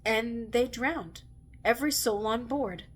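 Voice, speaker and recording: An earnest young girl from a storybook, speaking plainly and plaintively about her worries, as a woman voices her. Her voice is lifted noticeably higher than the reader's own. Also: slow pace, breathy edge.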